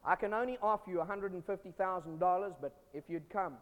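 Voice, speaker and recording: A man preaching a sermon as pastor, emphatic, swinging from loud bursts to quiet storytelling. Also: high-pitched, fast, slight background noise. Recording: long hall reverb.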